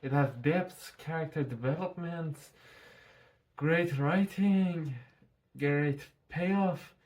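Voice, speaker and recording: A man's voice: on the high side, slow, a little mellow. A man reviewing a show in a casual vlog, talking through a mask, rambling and swearing freely.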